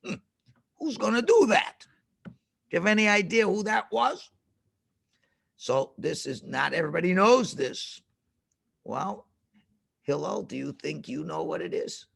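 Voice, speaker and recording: A rabbi telling a lesson story to children over a video call, dramatic and full of questions to the kids. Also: male voice, sits high, big pitch swings, measured pace, vocal fry, long pauses, fairly bright tone, no room sound.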